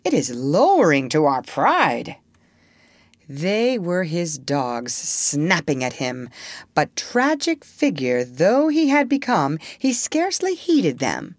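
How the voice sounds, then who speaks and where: Slow, expressive woman reading a storybook. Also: lowish voice, no room sound. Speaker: narrator.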